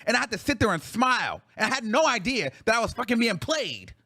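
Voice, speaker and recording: A man's voice: very high voice, very animated, fast, sharp tone. A male show host in a heated, profane reaction rant, venting with repeated phrases.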